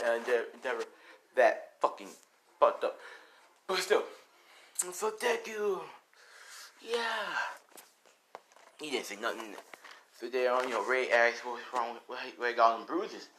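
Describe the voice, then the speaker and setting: A young man casually narrating an improvised fan story, rambling, swearing and full of fillers. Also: medium pitch. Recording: noisy home recording.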